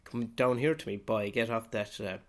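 A man acting out a swaggering priest hero, low-voiced and itching for a fistfight. He taunts and goads with a cocky, tough-guy swagger. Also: moderate pace, close to an everyday voice. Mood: taunting.

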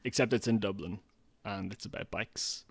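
A man with a mid-low voice speaks as a guest in a relaxed chat. He stops and restarts often, and the sound is dry and close. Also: creaky, no echo. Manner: halting, repeats himself, dry. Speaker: guest filmmaker. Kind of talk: casual chat.

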